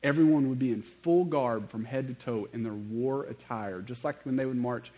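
A man preaching a sermon, telling stories in an animated way with conversational asides. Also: medium pitch, moderate pace, poor audio. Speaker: pastor.

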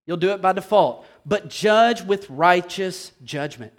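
A pastor in full sermon, his voice riding high above most men's. He grows heated and emphatic, then pulls back to near-quiet before building again. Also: measured pace, few pauses. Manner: impassioned, swings from hushed to loud.

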